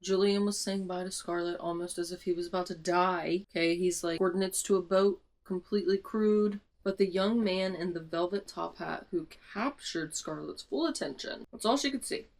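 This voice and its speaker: A young woman vlogging casually about a book she is rereading, dramatic and foul-mouthed, with sudden loud outbursts. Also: fairly low pitch, normal speed, few pauses, low-quality recording. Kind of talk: casual reread commentary with read-aloud passages.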